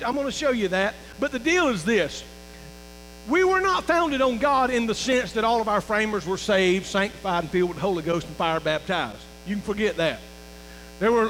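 Male pastor, folksy sermon style, higher voice, faint hum behind. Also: fairly bright tone, long reverb tail, rough recording. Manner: folksy preaching, calls for amens, restarts and fillers. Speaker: lead pastor. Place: church sanctuary.

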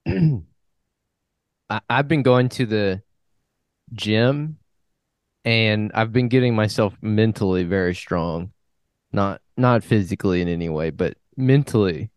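A man's voice: lowish voice, takes it slowly, pauses often, no room sound, clean studio sound. Joking man in a casual podcast. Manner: joking, rambling. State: brain fog from allergies. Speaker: podcast co-host. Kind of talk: casual chat.

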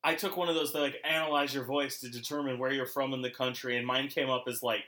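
A man's voice: medium pitch, steady tone, fast, pushed and bright, reverberant. A man hosting a casual podcast chat, joking and swearing loosely, with a mixed Midwestern, New England and slightly British accent. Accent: mixed Midwestern and New England with British touches. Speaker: podcast host.

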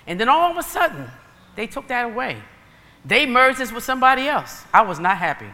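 Woman preacher, animated storyteller acting out dialogue, bright tone, long hall reverb. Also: fairly high pitch, brisk. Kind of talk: sermon.

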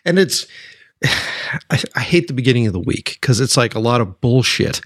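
Relaxed candid man, dry close mic. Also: medium pitch, moderate pace, no echo. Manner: relaxed, candid, swears casually. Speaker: podcast host. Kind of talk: casual podcast conversation.

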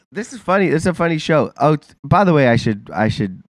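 A man's voice: on the high side, big pitch swings, fast talker, hardly any pauses, no room sound, clean studio sound. A man with a congested, nasal voice from a sinus infection, co-hosting a casual podcast chat, rambling with lots of fillers and laughs. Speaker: podcast co-host.

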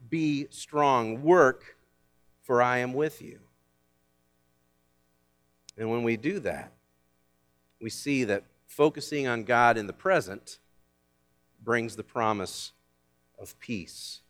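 A man preaching a sermon as pastor, swinging from loud commands down to quiet asides. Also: on the high side.

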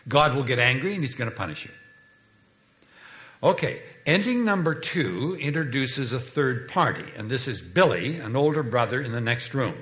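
A male preacher telling a family story to explain a doctrine, dropping his voice low and soft for the tender moments. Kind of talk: sermon storytelling.

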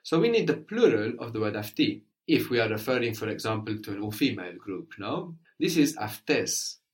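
A man's voice: lowish voice, lively intonation, fairly quick. A man teaching a language lesson, patiently prompting his student with questions and often checking with "no?".

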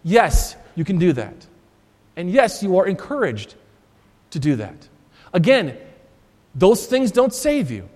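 A man's voice: sits high, very animated, slow, long pauses, darkish tone. A male Lutheran pastor preaching a sermon, emphatic and repeating his key phrases for stress. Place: church sanctuary. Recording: long church reverb.

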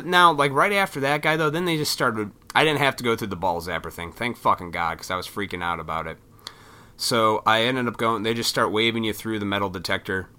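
A man with a low voice that still sounds bright and forceful tells a long, rambling story in a casual way. His talk is loose, full of swearing, and he keeps jumping into other people's lines with lively quoted voices. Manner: profane, rambling, animated retelling.

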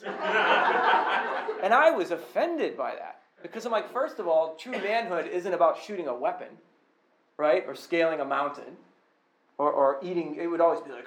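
A man's voice: a little high, animated, moderate pace, a little hiss or hum. A man preaching a sermon in a loose, joking, conversational way, with a Boston accent, in a church. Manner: humorous, conversational, mimics other voices. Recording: echoey room.

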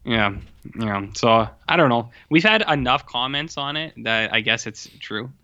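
Albertan man, tired podcast co-host, rambly and self-deprecating; bright tone, dull lo-fi recording. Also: mid-range voice, lively intonation, measured pace, clean tone. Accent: Albertan Canadian. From Canada. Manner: rambling, self-mocking, lots of fillers. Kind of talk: casual chat. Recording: dull lo-fi audio.

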